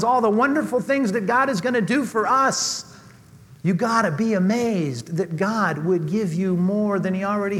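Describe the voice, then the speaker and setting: Male preacher, fairly high voice, big hall reverb; builds to fervent peaks, then drops to near-whispers. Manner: dynamic preaching, swings from loud emphasis to hushed near-whispers. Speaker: pastor. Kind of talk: sermon.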